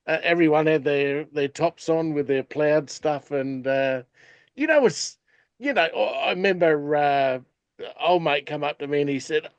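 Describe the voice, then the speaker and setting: A man's voice: fairly high pitch, measured pace, clean tone, no room sound. Rambling Australian man on a dull line. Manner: rambling, full of "you know" fillers. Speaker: podcast co-host. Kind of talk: casual chat.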